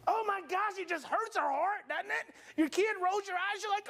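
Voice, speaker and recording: A man giving an animated workshop lecture to an audience. He acts out scenes and fires off rhetorical questions. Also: extremely high pitch, moderate pace, hardly any pauses. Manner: dramatic, acts out parents and brains, rhetorical questions. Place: workshop hall before an audience.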